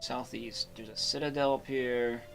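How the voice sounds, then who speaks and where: A man's voice: mid-range voice, steady tone, moderate pace, a bit bright, soft background music. Man casually chatting over a game. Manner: loose, chatty, swears freely. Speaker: game streamer. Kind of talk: casual gaming commentary.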